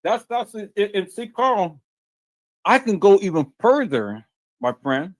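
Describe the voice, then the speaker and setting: A man hosts his own livestream, his voice sitting a little high and leaping around as he talks. He repeats and restarts words as he presses his point, swearing along the way. The sound is dry and close to the mic. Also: very animated, a little slow, dry recording. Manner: repetitive, stammering restarts, emphatic and profane. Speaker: livestream host. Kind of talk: heated livestream commentary.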